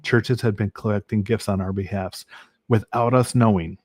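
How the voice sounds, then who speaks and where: A man's voice: on the low side, fairly even intonation, normal speed, darkish tone, no echo, clean studio sound. A man from Michigan, a podcast guest, giving an earnest personal faith testimony with many ums and restarts.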